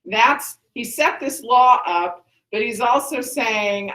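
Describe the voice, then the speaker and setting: A woman's voice: a little high, slow, hardly any pauses, sharp tone. A woman teacher walking a class through a play, chatty and full of restarts, asking the students questions. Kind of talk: classroom lesson, explaining a play. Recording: echoey classroom.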